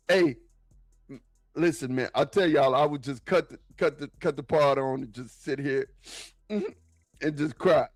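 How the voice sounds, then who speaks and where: A man talking football in a casual, excitable, slangy way, often repeating himself. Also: mid-range voice, measured pace, pauses often, dry recording, faint music behind. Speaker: football podcast guest. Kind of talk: casual sports talk.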